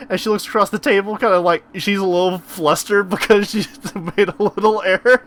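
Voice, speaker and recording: A man narrating a tabletop game as game master, animated and often laughing. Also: high voice, fairly quick, few pauses.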